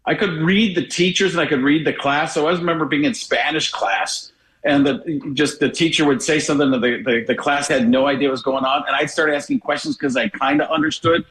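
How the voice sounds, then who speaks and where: A man's voice: a little high, a little fast, a bit bright, rough recording. A man from Wisconsin, a comedian guest on a radio show, chatting casually and rambling with stammered restarts. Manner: rambling, self-deprecating, restarts with stammered repeats. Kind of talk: casual radio interview chat.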